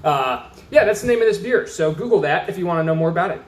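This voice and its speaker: A man's voice: high voice, animated, quick pace, background noise. Chatty man reviewing beer, roomy sound. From Austin, Texas. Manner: chatty, rambling, reads labels aloud. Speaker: beer reviewer, channel host. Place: indoors at a table. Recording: roomy echo.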